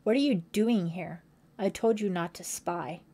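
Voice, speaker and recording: Woman doing a moody teen guy counselor, gruff and defensive, mellow low-key tone. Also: a little slow, natural voice. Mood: threatening. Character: secretive teenage boy counselor, defensive and brooding.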